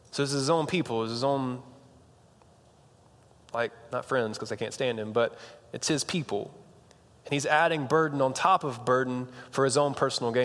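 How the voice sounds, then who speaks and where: A man's voice: medium pitch, a bit bright, in a large hall. A young man preaching a sermon in a casual, conversational way, with slang and frequent restarts. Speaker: pastor.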